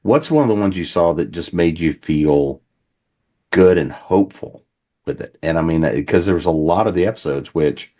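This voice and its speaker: Deep-voiced man hosting a panel. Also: normal speed. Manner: relaxed, leading questions and calling on panelists. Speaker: panel host. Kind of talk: convention panel discussion.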